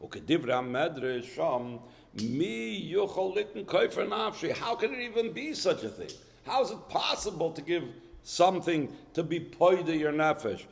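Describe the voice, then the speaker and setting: A man's voice: high-pitched, very animated, normal speed, gravelly, long reverb tail. A man teaching a Hasidic text in a lecture, reading Hebrew source lines, explaining them in English and posing rhetorical questions. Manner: poses rhetorical questions, with frequent restarts. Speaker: Torah teacher.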